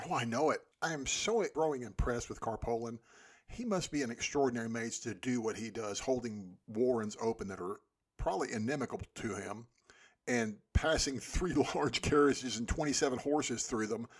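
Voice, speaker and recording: Husky-voiced man chatting about a book. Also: mid-range voice, moderate pace. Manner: enthusiastic, laughing often. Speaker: podcast co-host. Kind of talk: casual book discussion.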